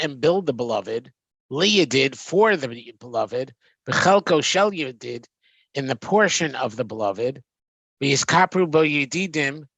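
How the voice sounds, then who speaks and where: A man's voice: mid-range voice, vocal fry, a bit bright, dry recording. A man teaching a text study, reading Hebrew phrases and translating them with frequent ums and restarts. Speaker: Torah teacher.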